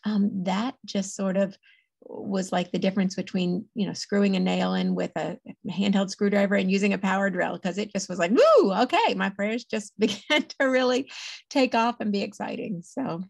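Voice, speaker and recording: Gravelly, husky woman guest. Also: mid-range voice, level tone, a little mellow, no room sound. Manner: earnest, chatty, quick laughs. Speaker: podcast guest, author. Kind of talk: casual interview talk.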